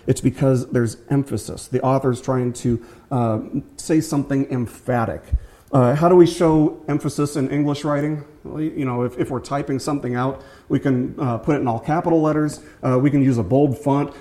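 Guy preaching a sermon, mellow dark voice, chatty with lots of uhs and restarts, slows way down on the big points. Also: mid-range voice, rough recording. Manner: conversational preaching with fillers and restarts; emphatic repetition, slowing on key words. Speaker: pastor.

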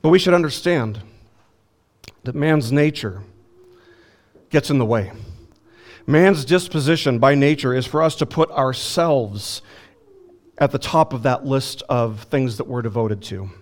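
A man preaching an expository sermon as a pastor, emphatic, slowing down to stress key words and asking the congregation rhetorical questions. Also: mid-range voice. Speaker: pastor teaching a Bible lesson.

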